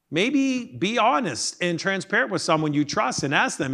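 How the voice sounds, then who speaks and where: A pastor delivering a sermon with a voice pitched high for a man. He preaches emphatically, throws rhetorical questions at the congregation and reads scripture aloud. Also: big pitch swings, normal speed, hardly any pauses, fairly bright tone.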